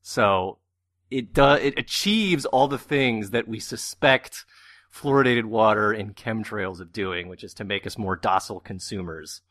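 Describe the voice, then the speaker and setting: A man with a low voice delivers wry, sarcastic commentary in a casual podcast discussion. His voice sounds dry and close, with no room echo. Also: measured pace, a bit bright. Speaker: podcast co-host.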